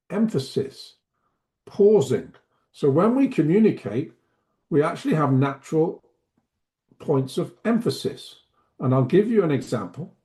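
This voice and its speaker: Lively, mellow-voiced male teacher trainer. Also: medium pitch. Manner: deliberate, demonstrates pace and emphasis by example. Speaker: webinar presenter, language teacher trainer. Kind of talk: teaching webinar presentation.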